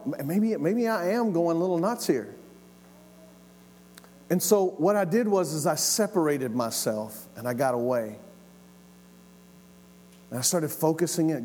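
A man's voice: on the high side, a little mellow. A man preaching a sermon as a pastor. He talks with passion and often repeats key phrases for emphasis. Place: church hall. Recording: long hall reverb.

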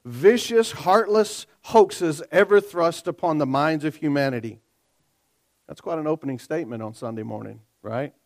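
A male pastor with a high voice. He preaches animatedly, swinging from quiet scripture reading to loud, excited asides to the congregation. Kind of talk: sermon.

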